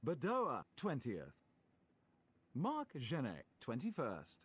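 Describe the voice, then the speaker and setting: A man's voice: medium pitch, huge pitch swings, takes it slowly, breathy edge, no room sound, full character voice. A man voicing a formal race commentator in a racing game, announcing the starting grid.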